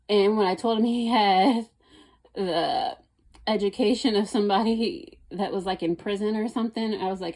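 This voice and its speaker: A young woman chats casually about her dating life, in a warm, mellow voice. She's blunt and rambling, piling one thought onto the next. She gets exasperated whenever she quotes people. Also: mid-range voice, moderate pace.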